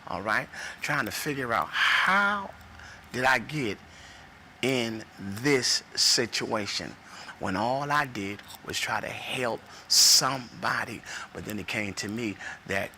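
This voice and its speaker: A man's voice: mid-range voice, expressive, takes it slowly, bright, forceful tone, a little hiss or hum. A man in his forties giving an earnest, preacherly personal testimony, repeating phrases for emphasis and telling a parable. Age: 40s. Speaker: speaker sharing his testimony.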